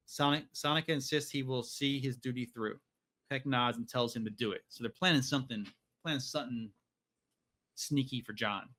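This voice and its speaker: A man's voice: medium pitch, fairly even intonation, moderate pace, sharp tone. A man hosting a podcast, casually recapping a novel in a rambling way, with lots of fillers and some swearing. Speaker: podcast host.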